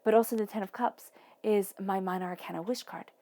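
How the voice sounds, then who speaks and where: A woman giving a tarot reading, soothing, sometimes dropping to a soft whisper, with playful asides. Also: medium pitch, fairly even intonation, fairly quick. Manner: playful asides, acts out voices in quotes. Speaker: tarot reader. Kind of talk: intuitive tarot reading monologue.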